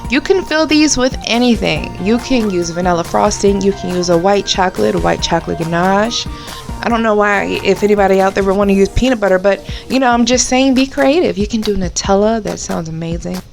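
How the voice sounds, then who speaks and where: A woman's voice: mid-range voice, a little fast, gravelly, faint music behind. A woman hosting a baking tutorial, chatty and bubbly, talking straight to her viewers. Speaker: baker and cake channel host.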